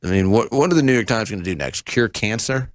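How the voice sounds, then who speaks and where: A man in his thirties hosts a political talk show, his pitch swinging widely as he mocks and jokes. His tone is sarcastic and animated, and the sound is dry and close. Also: quick pace, no echo. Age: 30s. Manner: sarcastic, mocking, animated mimicry. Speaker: show host.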